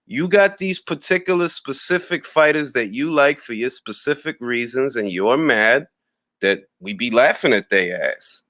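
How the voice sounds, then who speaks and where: Dude ranting on a boxing stream, trash talk and shout-outs, dry close sound. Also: male voice, medium pitch, measured pace, dry recording. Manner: animated trash-talking rant, mocking laughs. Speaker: boxing talk show host. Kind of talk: livestream commentary, greeting chat.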